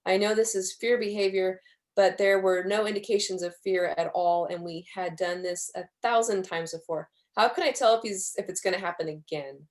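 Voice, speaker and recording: A woman with a mid-range voice hosts a webinar and reads viewer questions aloud. She speaks in a relaxed way with small hesitations. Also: medium pitch, normal speed. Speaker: webinar host. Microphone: video call.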